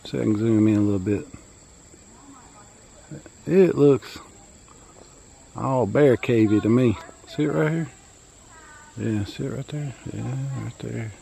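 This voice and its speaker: A man's voice: medium pitch, slow pace, creaky, pauses often, mellow, slight background noise, poor audio. A middle-aged man with a Louisiana accent, narrating a hiking vlog outdoors in a forest in a rambling, joking, folksy way. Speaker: vlogger.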